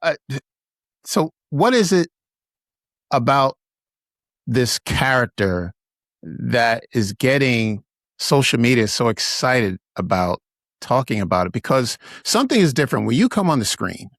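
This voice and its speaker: A man's voice: medium pitch, sing-song, a little slow, a bit bright, no echo. A podcast host from Brooklyn asking long questions that wander before landing. He sounds keen and upbeat. The recording is close and dry. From Brooklyn, New York. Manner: enthusiastic, rambling questions. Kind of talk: casual interview chat.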